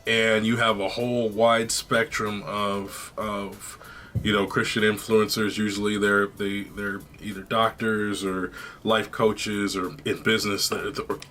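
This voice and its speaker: A man on a podcast, talking in a relaxed, conversational way as he searches for words. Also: lowish voice, measured pace.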